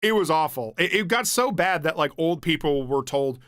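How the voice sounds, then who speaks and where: A man's voice: fairly high pitch, animated, moderate pace, a bit bright, smooth, dry recording, clean studio sound. A young man streaming from home, chatting casually, rambling with restarts, swearing and laughing easily. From United States. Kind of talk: casual chat reading stream comments.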